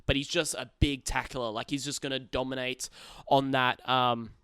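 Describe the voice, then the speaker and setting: A man's voice: medium pitch, flat delivery, normal speed, bright, forceful tone, clear, resonant tone, no echo, studio quality. A man co-hosting a casual sports podcast, talking with frequent ums and hesitations. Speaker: podcast co-host.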